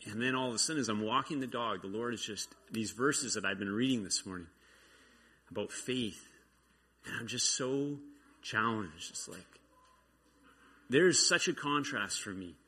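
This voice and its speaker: Man, church testimony, informal, earnest storytelling, tense bright tone, raspy edge. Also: lowish voice, moderate pace, pauses often. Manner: earnest storytelling with frequent restarts. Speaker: church member sharing a testimony.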